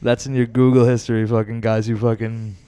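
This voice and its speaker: A young man with a Long Island accent, a podcast guest trading fast, brash, laughing banter. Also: medium pitch, little pitch movement, dark tone, clear, resonant tone, no echo. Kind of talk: casual chat.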